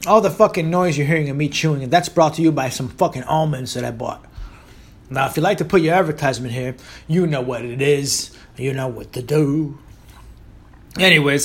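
A man in his thirties from Puerto Rico, with a Puerto Rican accent, hosting a podcast as a rambling, joking, profane monologue. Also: fairly high pitch. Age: 30s. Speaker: podcast host. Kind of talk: casual monologue.

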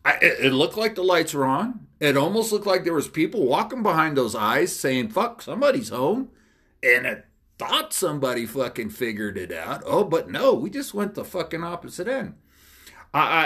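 A man hosting a podcast, ranting alone in a loud, blunt way, swearing constantly and acting out both sides of past conversations. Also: mid-range voice. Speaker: podcast host. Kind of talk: profane solo rant.

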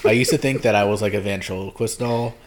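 A man with a fairly low voice hosts a relaxed podcast, talking loosely into a podcast mic. He rambles, trails off and restarts, padding with ums. Nothing about his delivery is polished. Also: quick pace. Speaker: podcast host. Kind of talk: casual podcast chat. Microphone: podcast microphone.

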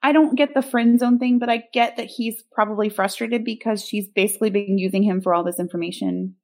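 A woman's voice: medium pitch, steady tone, brisk, darkish tone. A woman co-hosting a podcast, recapping a film in casual, sarcastic chat with many ums.

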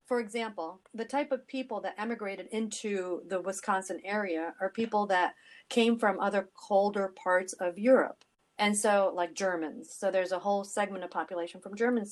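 A middle-aged woman co-hosting a casual podcast chat, telling stories animatedly with frequent asides. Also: mid-range voice. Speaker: podcast co-host.

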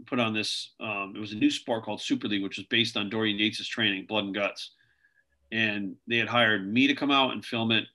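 A man's voice: on the low side, bright, forceful tone. A man telling stories as an interview guest, rambling and filling his talk with "like" and "you know". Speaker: interview guest, video creator. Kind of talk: casual interview storytelling.

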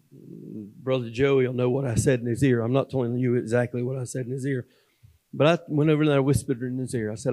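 A man gives a sermon testimony from a church platform in a mid-pitched voice. His folksy delivery swings between loud, emphatic preaching and hushed, confiding asides. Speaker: guest speaker at a church. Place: church sanctuary.

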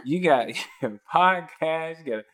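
A man on a podcast as a guest, chatting casually and telling stories in a playful, animated way. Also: a little high, takes it slowly, crowd noise. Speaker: podcast guest, speaker and coach.

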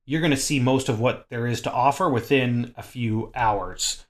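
A man co-hosting a casual gaming podcast, rambling and filling pauses with "um" and "like.". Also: medium pitch. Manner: chatty, rambling with many fillers. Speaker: podcast co-host.

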